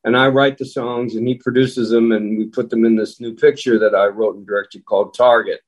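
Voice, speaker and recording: An older man talks in a loose, rambling way as an interview guest, drifting between stories and dropping the odd curse. His pitch sits in an ordinary middle range. He is heard over a remote call. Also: fairly even intonation, brisk, rough recording. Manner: loose and rambling, swears casually. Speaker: guest actor and songwriter. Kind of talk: casual interview chat.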